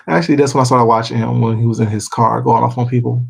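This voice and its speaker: Give me a husky man chatting loosely with viewers on a livestream, swearing as he goes. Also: mid-range voice, rough recording. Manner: rambling, laughing, swears freely. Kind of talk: casual chat with viewers.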